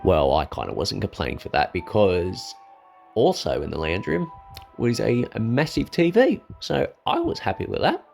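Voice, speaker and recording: A man with an Australian accent telling a personal story in a casual, animated way, acting out the dialogue and laughing at his own jokes. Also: moderate pace, vocal fry, faint music behind. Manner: animated, acts out dialogue with jumps in pitch.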